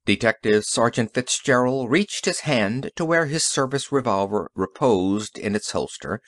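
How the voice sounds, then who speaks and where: A man narrating an audiobook with steady storytelling delivery. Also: medium pitch, unhurried, hardly any pauses, no room sound, clean studio sound. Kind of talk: scripted narration.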